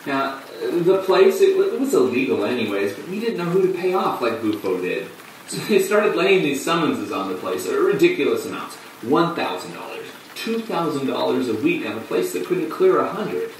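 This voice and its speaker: An actor playing a male off-off-Broadway performer who tells his story in a halting way, with dark, bitter laughs. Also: fairly high pitch, big pitch swings, a little hiss or hum. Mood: rueful. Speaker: actor in a monologue. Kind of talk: stage monologue on film. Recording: distant echoey room with rain.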